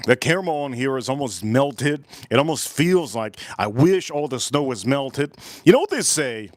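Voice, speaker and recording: A man hosting a casual whiskey tasting livestream, rambling and profane, repeating himself with loud bursts. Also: medium pitch, lively intonation, normal speed, no echo, studio quality. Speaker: whiskey reviewer and livestream host.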